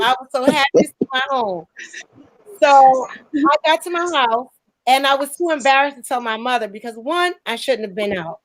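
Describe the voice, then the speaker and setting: Young woman hosting, telling a story, kinda high voice, does the voices, dry sound. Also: normal speed, no room sound, low-quality recording. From New Jersey. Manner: lively, acts out quoted voices. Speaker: show host. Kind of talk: casual storytelling chat.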